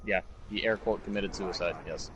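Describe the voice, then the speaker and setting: A man's voice: on the low side, steady tone, normal speed, a bit bright, a little hiss or hum. A man chatting casually while gaming, easygoing and matter-of-fact. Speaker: co-player.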